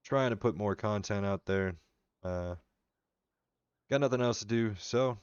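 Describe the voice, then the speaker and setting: A man with a very low, smooth and clear voice chats casually with viewers while streaming a game. His talk is relaxed and rambling. The sound is dry and slightly dull, like a home desk mic. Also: a little slow, long pauses, no room sound. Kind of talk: casual live-stream commentary. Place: home room.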